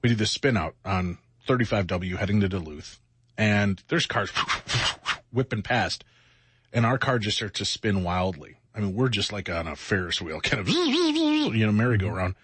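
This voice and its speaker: A man's voice: on the low side, normal speed, fairly bright tone, a little hiss or hum. A middle-aged man co-hosting a late-night radio show, talking in a rambling, reflective way with self-mocking asides while sounding exhausted from lack of sleep. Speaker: radio co-host.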